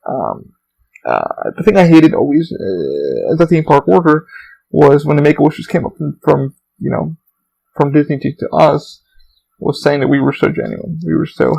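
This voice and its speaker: Gravelly man rambling about theme park life. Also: on the high side, a little fast, rough recording. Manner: profane, animated storytelling with voiced quotes. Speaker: podcast host. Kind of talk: rambling casual monologue.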